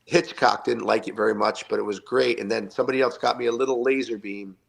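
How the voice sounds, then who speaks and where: Gravelly man telling hockey stories. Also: lowish voice, fast talker. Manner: animated anecdotes with acted-out quotes. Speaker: guest, retired hockey player. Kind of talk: storytelling interview.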